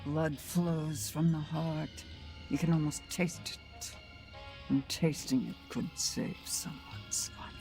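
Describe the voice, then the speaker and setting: Eerie old tarot reader, gravelly, very slow, cryptic half-whispers, music under her. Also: low-pitched, fairly even intonation. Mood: ominous. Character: eerie old fortune teller reading tarot cards.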